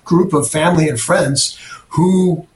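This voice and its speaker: A man co-hosting a podcast in a casual conversation, halting and searching for his words. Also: on the high side, reverberant, a little hiss or hum. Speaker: podcast co-host.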